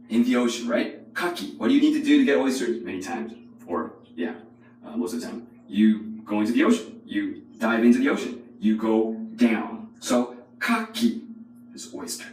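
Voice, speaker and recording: A man's voice: on the low side, darkish tone, roomy sound, recorded from a distance, a little hiss or hum. A man hosting a comedic language lesson as the teacher, playful and joking with mock-dramatic asides. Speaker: Japanese teacher.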